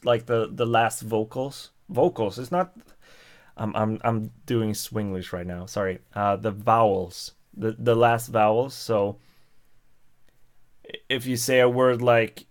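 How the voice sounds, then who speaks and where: A man with a Swedish accent chatting casually with viewers on a livestream, hesitant, with many fillers and restarts. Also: medium pitch. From Sweden. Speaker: livestream host. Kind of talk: casual live-stream chat.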